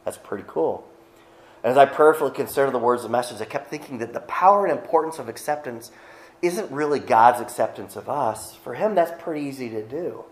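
A man's voice: medium pitch, brisk. Man preaching a casual sermon, echoey. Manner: conversational, joking asides. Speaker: pastor.

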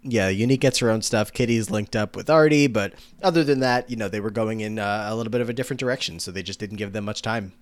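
A man's voice: fairly low pitch, fast talker, few pauses, no room sound. A man co-hosting a podcast, musing about a show in casual talk, winding through his thoughts with restarts. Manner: rambling, many fillers and restarts. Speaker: podcast co-host. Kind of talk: casual analytical chat.

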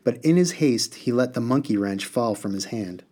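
A man reading a novel aloud and discussing it, in a measured, clear way. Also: medium pitch, lively intonation, mellow. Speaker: book discussion reader.

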